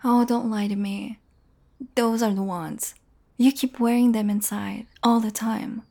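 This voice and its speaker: A woman's voice: fairly high pitch, steady tone, measured pace, vocal fry, mellow. A young woman in a casual audio role-play, talking straight to the listener, teasing and swearing freely and often dropping into a whisper.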